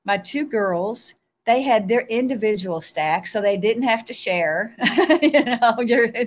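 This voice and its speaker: A woman, a guest on a show, telling a spiritual testimony in an animated storytelling way, acting out her own replies. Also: mid-range voice, highs cut off.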